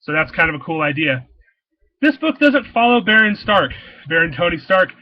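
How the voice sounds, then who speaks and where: A man's voice: high-pitched, sing-song, moderate pace, no room sound, muffled recording. A man casually rambling through his thoughts on new comic books, enthusiastic and full of fillers and restarts. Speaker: comic shop owner reviewing new comics.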